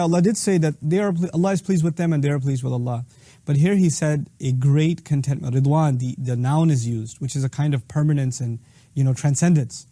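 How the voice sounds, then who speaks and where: A man's voice: on the high side, dark tone, no echo. A middle-aged man giving an explanatory, emphatic lecture on Quranic verses, reciting short passages in Arabic. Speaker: Islamic speaker.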